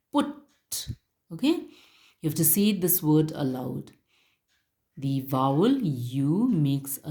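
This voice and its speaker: A woman's voice: low voice, warm tone. A woman teacher giving a recorded lesson to children, speaking patiently, spelling words out letter by letter and repeating her instructions.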